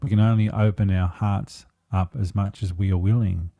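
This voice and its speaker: A man with a low, very dark and mellow voice talks earnestly as a coach in a podcast interview. He is reflective and unhurried, recorded close and dry with no room sound. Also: steady tone, dry recording. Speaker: empowerment coach.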